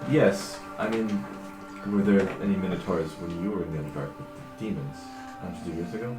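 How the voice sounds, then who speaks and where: A man running a tabletop game as dungeon master, calmly describing scenes and townsfolk. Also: deep voice, brisk. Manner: relaxed, describes scenes and voices townsfolk in quotes. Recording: roomy sound with background music.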